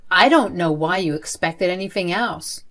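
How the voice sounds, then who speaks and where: Woman voicing an older grandmother, cold, contemptuous, dismissive, lowish pitch. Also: moderate pace, fairly bright tone, lightly acted. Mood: scornful. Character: cold, scornful older grandmother, school principal.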